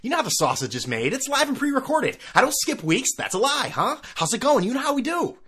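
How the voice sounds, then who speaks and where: A man's voice: very high voice, wildly swooping pitch, fast, bright, forceful tone, breathy edge. A middle-aged man hosting his own podcast, rambling casually with sarcastic, self-mocking asides. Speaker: podcast host. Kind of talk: casual solo podcast rant.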